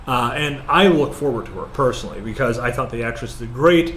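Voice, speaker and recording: A man co-hosting a casual movie review chat, rambling and hesitant with lots of fillers, then growing animated. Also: medium pitch, brisk, a little hiss or hum. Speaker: podcast co-host.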